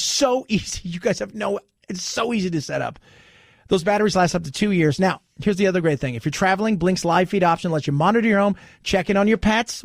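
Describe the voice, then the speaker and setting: Animated, high-voiced male talk radio host. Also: no room sound, studio quality. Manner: rambling, animated, mimics voices. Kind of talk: casual talk radio with live ad reads.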